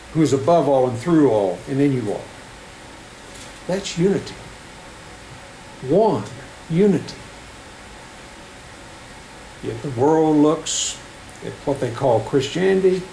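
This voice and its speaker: A middle-aged man preaching a sermon in a church, reading scripture with rising emphasis and halting restarts. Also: mid-range voice, dark tone. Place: church sanctuary. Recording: echoey church room with faint air conditioning hum.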